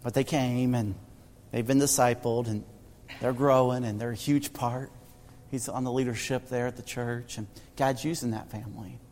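A male pastor telling stories in a sermon, often halting and repeating words. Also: mid-range voice, steady tone, darkish tone, long reverb tail, slight background noise. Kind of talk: sermon storytelling.

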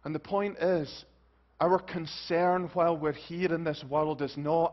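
A man preaching a sermon, swinging from loud, urgent rises to hushed, soft pleas. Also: on the high side, steady tone, normal speed. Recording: dull lo-fi recording.

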